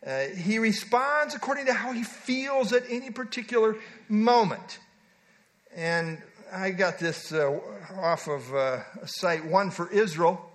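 Male preacher, fairly high voice, emphatic sermon delivery with digressions. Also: expressive, normal speed, fairly bright tone. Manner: emphatic, reads scripture aloud, digresses with asides.

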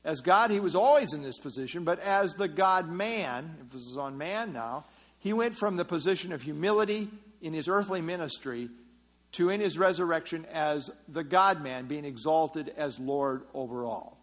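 A man's voice: fairly high pitch, expressive, moderate pace. A man teaching a Bible passage verse by verse in an explanatory sermon style, often repeating key phrases.

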